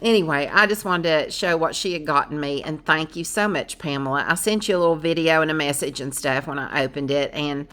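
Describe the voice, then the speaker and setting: Loud brash woman vlogging. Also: low voice, a little fast, hardly any pauses. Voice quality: loud, brash, laughs often. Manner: rambling, animated, frequent fillers. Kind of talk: casual chatty vlog.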